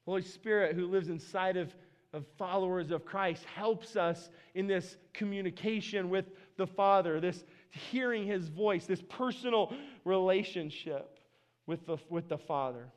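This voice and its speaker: A man's voice: high voice, moderate pace. A male pastor preaching a conversational sermon in a church, often restarting and repeating words, speaking into a worn mic. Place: church sanctuary. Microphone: worn microphone.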